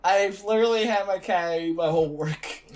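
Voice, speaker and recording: A man's voice: high voice, moderate pace, a little hiss or hum. A young man hosting a gaming video, telling rambling stories in casual chat with plenty of filler words. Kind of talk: casual chat while playing.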